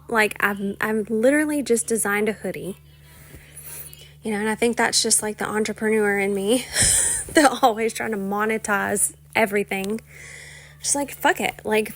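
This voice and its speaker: Young woman host just chatting away, like like like, mid-pitched, slips into whispery bits. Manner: rambling, chatty, many "like" and "you know" fillers. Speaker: podcast host. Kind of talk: casual solo podcast chat.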